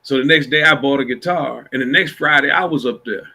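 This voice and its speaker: Bright-voiced man telling a long story. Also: mid-range voice, brisk, creaky. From Iowa, USA. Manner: laid-back, rambling storyteller. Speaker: blues musician guest. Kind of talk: casual storytelling chat.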